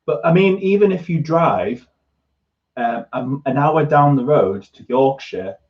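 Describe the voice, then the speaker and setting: A man's voice: fairly high pitch, lively intonation, a little slow, dull audio. A man with a Newcastle Geordie accent hosting a casual livestream chat, stammering and restarting his sentences a lot. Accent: Northeast English, Newcastle. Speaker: host.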